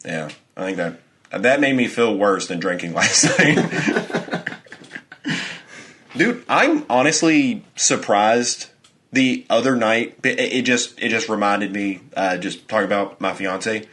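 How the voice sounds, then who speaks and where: A man's voice: lowish voice, takes it slowly, a bit bright. A young adult man co-hosting a podcast, telling a story in casual chat with heavy swearing. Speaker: podcast co-host.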